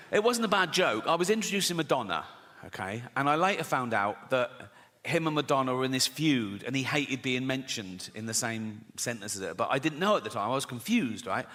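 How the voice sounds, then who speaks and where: Bright-voiced comedian, sweary. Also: male voice, medium pitch, sing-song, brisk. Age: middle-aged. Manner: swearing, storytelling with tag questions "right?". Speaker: stand-up comedian. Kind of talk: stand-up routine. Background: audience laughter.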